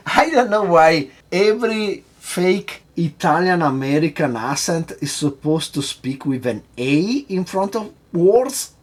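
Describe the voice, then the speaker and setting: Husky, animated cocktail-show host man. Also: mid-range voice. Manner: rambling, asks the viewer questions. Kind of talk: casual rant to camera.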